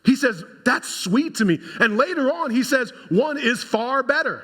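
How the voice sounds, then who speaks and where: A man, a pastor, preaching a sermon in an animated way and talking straight to his congregation. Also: very high-pitched, moderate pace.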